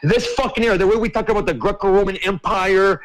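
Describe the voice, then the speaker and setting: Man, high voice, host of a group chat, emphatic, profane, ranting. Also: quick pace, rough recording. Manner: ranting, emphatic, heavy swearing. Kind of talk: open-mic group chat.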